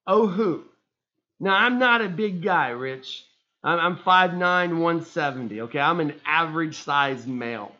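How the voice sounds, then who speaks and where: A man co-hosting a casual sports podcast, telling stories animatedly and getting loud and high when excited. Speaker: podcast co-host. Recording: muffled lo-fi sound.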